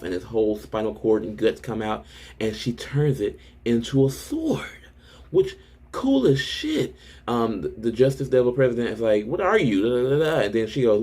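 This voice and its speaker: A young man with a fairly low voice talks through a manga chapter in a loose, casual recap. He swears freely, leans on "um" and "like", and restarts his sentences as his excitement runs ahead of him. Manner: excited, profane, lots of fillers and restarts. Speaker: manga reaction host.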